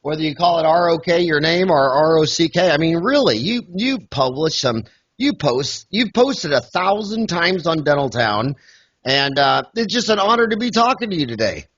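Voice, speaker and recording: A man's voice: on the high side, sing-song, moderate pace, a bit bright, slightly rough, lo-fi sound. A man from the United States hosting an interview in a joking, rambling way with many fillers. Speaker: podcast host. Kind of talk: casual interview.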